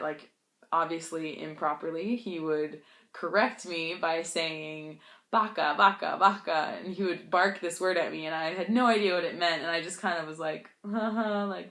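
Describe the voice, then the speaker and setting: Lower-voiced chatty woman in an echoey room. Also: a bit bright. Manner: chatty, laughs often, self-deprecating. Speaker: language-learning vlogger. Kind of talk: casual storytelling vlog.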